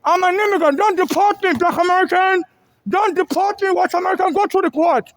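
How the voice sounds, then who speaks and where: Very high voice, agitated and repetitive, phone recording in a ferry terminal. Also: brisk, dry recording. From Nigeria. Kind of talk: filming a confrontation, then a rambling monologue. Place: indoor public ferry terminal.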